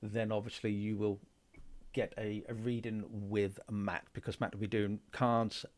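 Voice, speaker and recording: A man's voice: on the low side, level tone, measured pace. A man making a casual, outspoken fundraising appeal on a live stream, with frequent hesitant fillers. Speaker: station organiser.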